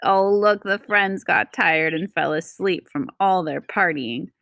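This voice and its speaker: A woman reading a picture book aloud to children, slow and expressive, pausing to explain words. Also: fairly low pitch, creaky, no echo, clean studio sound.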